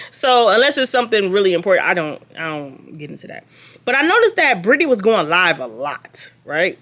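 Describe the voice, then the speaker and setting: Young woman telling a storytime, animated, gossipy, lots of sarcastic side comments. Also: medium pitch. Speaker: vlogger. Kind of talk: casual storytime chat.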